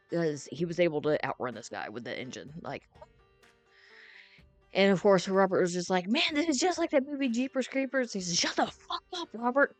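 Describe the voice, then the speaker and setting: Low-voiced woman rambling through a story. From North Carolina. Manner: rambling, many fillers and restarts, swearing. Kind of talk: casual storytime narration. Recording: faint music behind.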